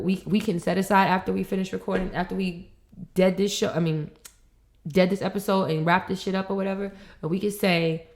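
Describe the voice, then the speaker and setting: A young adult woman co-hosting a podcast, talking in a heated, rambling way with lots of swearing and restarts. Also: on the low side. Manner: frustrated, rambling, swears often. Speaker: podcast co-host. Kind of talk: heated casual conversation.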